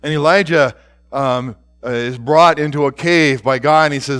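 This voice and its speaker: A man preaching a sermon as pastor, reading scripture dramatically and dropping at times to a hushed whisper. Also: on the high side, steady tone, normal speed.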